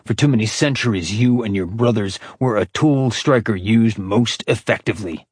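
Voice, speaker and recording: A man voicing a calm, stoic immortal man who speaks in a dry, flat tone. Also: on the low side, moderate pace, breathy edge, no room sound.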